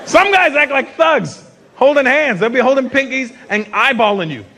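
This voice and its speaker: Brash, animated man doing stand-up. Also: extremely high pitch, moderate pace, a little hiss or hum. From Canada. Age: 50s. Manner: brash, profane storytelling. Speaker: stand-up comedian. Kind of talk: stand-up comedy set. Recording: live stage mic with loud crowd. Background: audience laughter and applause.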